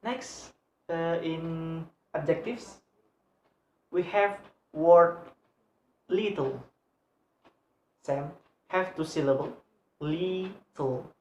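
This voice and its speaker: A young woman with an Indonesian accent, a student presenting a lesson on English word stress, halting and repeating example words over and over. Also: deep voice, a little mellow, slight background noise. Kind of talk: slow read-aloud lesson on word stress. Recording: echoey room.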